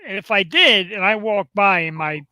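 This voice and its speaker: Goofy, bright-voiced male host. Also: high voice, normal speed, clean tone, no room sound. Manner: goofy, joking, bursts into silly voices. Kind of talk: casual chat on a live webcast.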